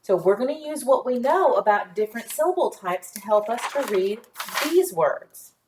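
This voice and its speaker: A woman teaching a phonics lesson to young children in a patient, clear teacher voice, sounding out letters one by one. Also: fairly high pitch, animated, moderate pace, noisy background.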